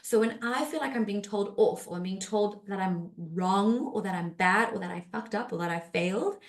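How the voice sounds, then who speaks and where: A woman therapist talking casually on a podcast, conversational with many fillers and restarts, and acting out quoted speech in lively voices. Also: medium pitch, normal speed.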